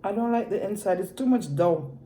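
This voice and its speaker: A woman's voice: mid-range voice, animated, fairly quick, mellow, slight background noise. A young adult woman, a mukbang vlogger, chatting casually while eating, with many savoring hums between her words. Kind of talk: casual eating vlog chat.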